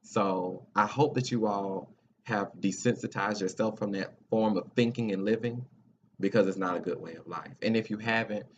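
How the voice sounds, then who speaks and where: A man's voice: on the low side, normal speed. A man hosting a talk show, speaking in an earnest, encouraging, almost preacherly way with casual grammar. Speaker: podcast host. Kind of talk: heartfelt talk show monologue. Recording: dull lo-fi sound with faint noise.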